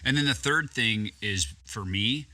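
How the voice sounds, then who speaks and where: A man's voice: fairly low pitch, a little slow, bright, forceful tone. A man co-hosting a business podcast, recapping the discussion in lists and backing his partner with short agreements. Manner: summarizing, affirming with short "yeah" and "okay". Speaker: podcast co-host. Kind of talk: casual business podcast talk.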